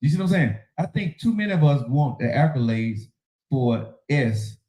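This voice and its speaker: A man's voice: medium pitch, expressive, moderate pace, dark tone, echoey room, poor audio. A man hosting a casual relationship talk show, preaching in an emphatic, slangy way. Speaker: podcast host.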